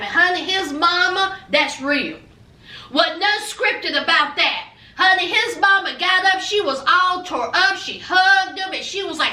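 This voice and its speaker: A very high, sharply bright woman's voice delivering sassy, teasing gossip about a reality show. She talks playfully and freely, like a regular host. The sound is echoey, with her some distance from the mic. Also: lively intonation, a little slow. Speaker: reality TV reviewer. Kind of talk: casual gossip commentary.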